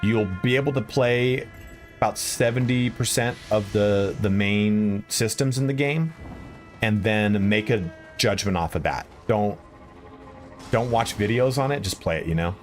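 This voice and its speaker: A man with a lowish voice speaks a little slowly as he streams a video game. His commentary is casual, aimed at his viewers, and turns to swearing when he gets beaten, all over faint game music.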